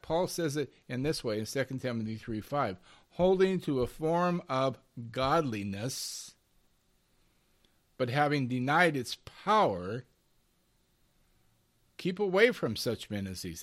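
A man's voice: medium pitch, fairly bright tone. Emphatic male Bible preacher. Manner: emphatic, with rising and falling intensity and rhetorical questions; addresses listeners as "beloved". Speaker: Bible teacher.

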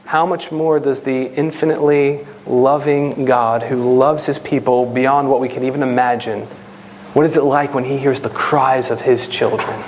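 A man's voice: medium pitch, fairly even intonation, normal speed, a little hiss or hum. A man preaching a sermon in an earnest, teaching manner, a parent of children. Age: adult with children. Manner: earnest, rises to impassioned prayer voice.

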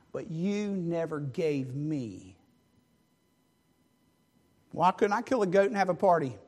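A man preaching a sermon, acting out the characters of a parable in dramatic voices. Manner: acts out the parable characters with big shifts in pitch and loudness.

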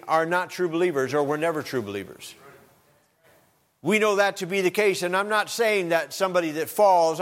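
A man's voice: a little high, fairly bright tone, long reverb tail. A man preaching a sermon as pastor, often restarting and repeating phrases.

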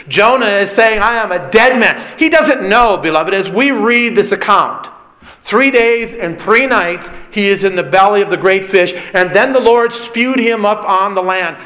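A man's voice: sits high, pushed and bright, poor audio. A male preacher giving an emphatic sermon, repeating key phrases and putting questions to his listeners.

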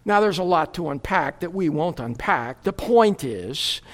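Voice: medium pitch, animated, a little slow. A preacher from the United States giving a sermon, with wry, humorous asides before earnest scripture teaching.

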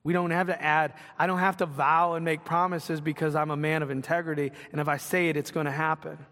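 Man preaching, high voice, conversational sermon, long hall reverb, church sanctuary. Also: level tone, fairly quick, fairly bright tone. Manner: conversational preaching with asides and acted quotes. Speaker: pastor.

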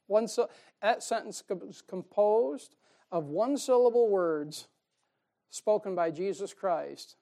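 A man preaching a sermon in a folksy, emphatic way, chuckling at his own jokes and swinging between loud stresses and soft asides. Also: high voice, slow pace, creaky.

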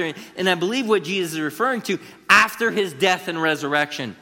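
A man's voice: high voice, lively intonation, a little fast, pushed and bright. A man preaching an expository sermon in a conversational, emphatic way, turning to the listeners with asides. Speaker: pastor. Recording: long reverb of a large hall.

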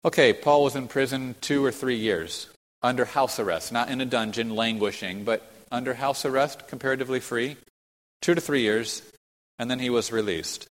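A man's voice: medium pitch, moderate pace. Man preaching in a reverberant hall. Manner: explanatory, reads quotes aloud, points to a map. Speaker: preacher teaching a Bible study. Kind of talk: expository sermon teaching.

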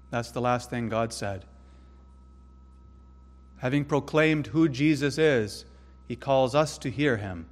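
A man preaching a sermon in a slow, deliberate style, using emphatic repetition. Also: medium pitch. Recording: long hall reverb.

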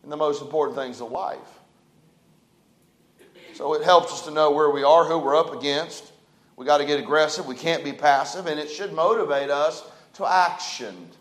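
High-voiced preacher in an echoey church. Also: male voice, moderate pace. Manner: folksy, dynamic preaching with big swings in loudness. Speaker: pastor. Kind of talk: sermon. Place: church sanctuary.

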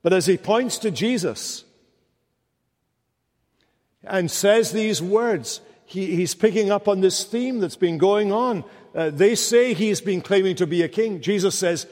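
A man's voice: high voice, slow pace, darkish tone. Man preaching in a reverberant church. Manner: dramatic, rising to impassioned rhetorical questions. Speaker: pastor. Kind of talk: sermon. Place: church sanctuary.

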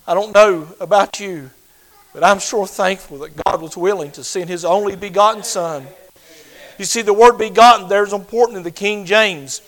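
High-pitched older preacher. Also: male voice, moderate pace, low-quality recording. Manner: swings from loud fervent preaching to hushed near-whispers. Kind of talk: sermon.

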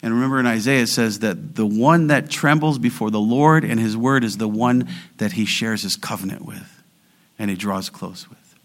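A man preaching an expository sermon, driving home key words with emphatic rises and reading scripture slowly and deliberately. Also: lowish voice. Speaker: pastor.

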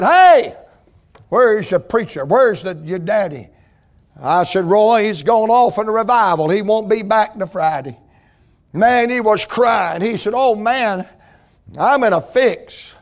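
High-voiced preacher. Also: male voice. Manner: storytelling preacher, rhythmic repetition. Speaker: pastor. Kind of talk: sermon.

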